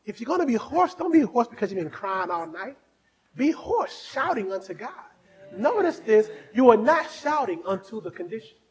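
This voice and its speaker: A male pastor preaching a fervent sermon, dropping to soft asides and then rising to shouting as he urges on the congregation. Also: high-pitched, sing-song, moderate pace, breathy edge, rough recording. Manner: exhorting the congregation.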